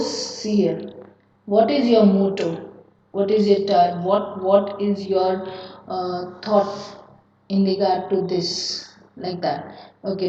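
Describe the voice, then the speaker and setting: A woman teacher with an Indian English accent drills word pairs in a slow, deliberate classroom manner. She sounds far from the mic in a strongly echoing room. The recording is dull and lo-fi. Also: medium pitch, warm tone, a little hiss or hum. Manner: slow, repeats each word pair, warns students to be careful. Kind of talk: classroom grammar lecture.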